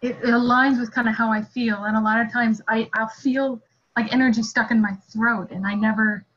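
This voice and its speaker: A woman taking part as the client in a session, talking hesitantly with halting restarts. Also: on the high side, fairly even intonation, a bit bright, highs cut off.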